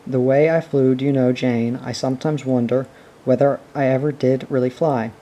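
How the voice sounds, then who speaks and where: A man's voice: mid-range voice, fairly even intonation, moderate pace, dark tone, natural voice, rough recording. A man reading as a wistful grown-up mother. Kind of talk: audiobook reading.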